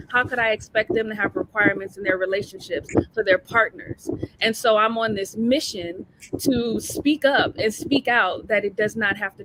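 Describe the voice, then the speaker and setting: A woman's voice: mid-range voice, fairly bright tone, slight background noise, poor audio. A middle-aged woman performing a spoken word poem with a rhythmic, emphatic delivery, then talking about it plainly.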